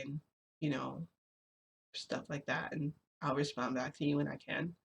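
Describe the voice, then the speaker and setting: Creaky-voiced vlogger rambling and venting. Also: medium pitch, moderate pace, pushed and bright. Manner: rambling and confessional, many fillers and restarts. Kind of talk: casual vlog chat, venting.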